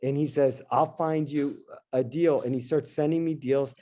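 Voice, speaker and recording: A middle-aged man, a guest in an interview, telling a personal story in an animated, casual way and acting out his own past lines. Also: medium pitch, normal speed, few pauses. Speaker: interview guest, dentist and investor.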